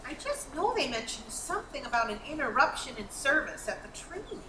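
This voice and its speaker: A woman's voice: high-pitched, sing-song, a little fast. A woman playing a prim, formal older clerk who lectures people, in a staged reading of a TV script. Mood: calm. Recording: echoey room, mic far, noisy.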